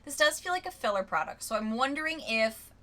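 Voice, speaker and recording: A woman's voice: sits high, brisk. A young adult woman reviewing beauty products in a casual vlog, reading viewer comments aloud in a chatty, candid way. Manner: chatty and candid, rereads quotes with lively emphasis. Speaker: beauty vlogger.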